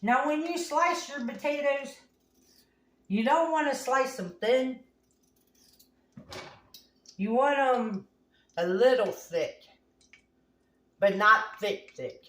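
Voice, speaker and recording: Cooking at home, this high-voiced woman tells meandering, folksy stories in a casual, homespun way, speaking slowly with long pauses. It's recorded in an echoey kitchen with a distant microphone.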